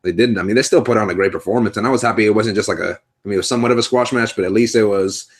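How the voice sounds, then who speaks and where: Husky, laid-back lower-voiced man. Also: rapid-fire. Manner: laid-back, agreeable, laughs often. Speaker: podcast co-host. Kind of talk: casual wrestling podcast chat.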